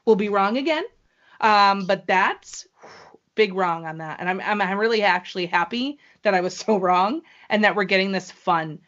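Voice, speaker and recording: Excitable woman podcast host, lo-fi. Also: mid-range voice, moderate pace. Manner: excitable, playful ring-announcer flourishes. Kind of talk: casual chat. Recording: dull lo-fi podcast audio.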